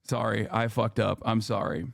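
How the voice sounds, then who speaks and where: A man's voice: lowish voice, flat delivery, normal speed, creaky, no echo, studio quality. A man in his thirties giving casual, profane and sarcastic commentary as a stream host.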